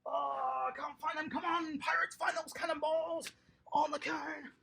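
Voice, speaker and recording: A toddler tennis coach leading a lively online lesson for small children, upbeat and encouraging, praising each child by name. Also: high-pitched, measured pace, creaky, slight background noise.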